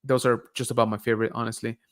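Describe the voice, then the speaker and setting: A man's voice: medium pitch, rapid-fire. Casual stream host, male, easygoing, reads chat and riffs on it, mid-range voice. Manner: relaxed and chatty, reads comments aloud and reacts with laughs. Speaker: livestream host reading viewer chat.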